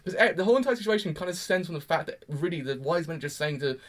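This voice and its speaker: Rambling young man, slightly high. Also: expressive, racing, fairly bright tone. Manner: rambling, exasperated, emphatic. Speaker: anime reviewer. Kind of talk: casual reaction commentary.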